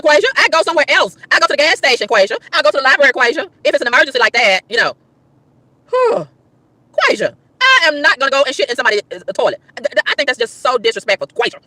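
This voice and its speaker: A woman ranting to her livestream chat, emphatic and exasperated, with loud whoops. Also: high-pitched, dry recording. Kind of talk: casual livestream rant.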